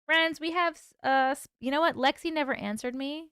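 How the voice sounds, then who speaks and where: A woman's voice: on the high side, normal speed, fairly bright tone, clear, resonant tone, no room sound, clean studio sound. A woman hosting a casual livestream, chatting with viewers, reading their comments aloud and laughing often. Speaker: livestream host and author.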